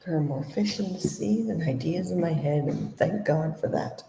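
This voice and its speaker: A woman's voice: low-pitched, moderate pace, vocal fry, dark tone, slight background noise. A woman chatting playfully and teasing her partner on a livestream. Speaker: co-host on a livestream. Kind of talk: casual chat. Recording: roomy echo.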